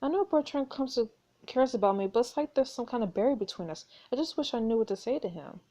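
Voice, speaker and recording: A woman's voice: fairly high pitch, expressive, quick pace, mellow. A woman voicing a young noblewoman in a story game, confiding her worries about her fiancé in an earnest way. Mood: worried.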